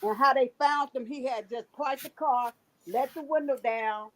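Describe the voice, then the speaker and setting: A high-voiced woman talks in a casual chat. She tells the story with animated repetitions and a lot of emphasis. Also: normal speed, poor audio. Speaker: host.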